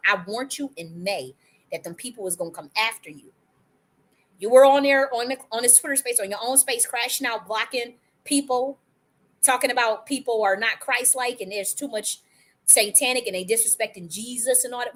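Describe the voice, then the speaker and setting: In a heated livestream monologue, an American host with a cold rants angrily, swearing in rapid-fire bursts and restarting herself. Her voice is fairly high in pitch and a bit bright.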